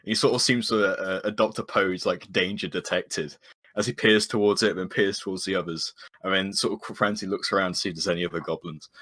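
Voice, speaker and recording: A man playing a tabletop game, describing his character's actions in a halting way. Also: sits low, fairly even intonation, a bit bright. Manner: halting, many fillers. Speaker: player.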